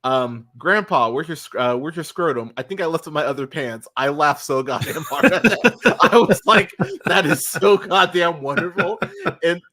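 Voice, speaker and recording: A man's voice: fairly high pitch, moderate pace, a crowd in the background. A man hosting a podcast, talking casually and animatedly, laughing often and restarting his sentences. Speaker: podcast host.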